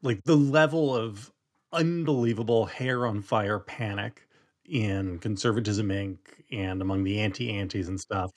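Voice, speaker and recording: A man's voice: fairly low pitch, fairly even intonation, measured pace. A man in casual political chat on a podcast, wry and joking.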